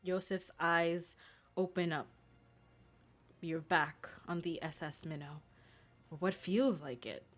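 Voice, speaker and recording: A woman's voice: lowish voice, slow pace, long pauses, faint music behind. A woman narrating as game master, describing scenes in a hesitant way with many fillers.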